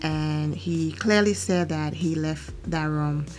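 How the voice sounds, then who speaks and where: A woman hosting a casual reality TV recap, animated and opinionated with quick asides. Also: low-pitched.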